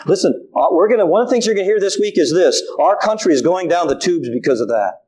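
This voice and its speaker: A middle-aged man preaching a sermon, animated and acting out quotes from his family. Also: sits high, fast talker, rough recording.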